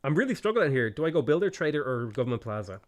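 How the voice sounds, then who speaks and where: In a fast, sing-song, medium-pitched voice, this streamer chats casually while playing a strategy game. He talks through his moves out loud, thanks his viewers and laughs a lot.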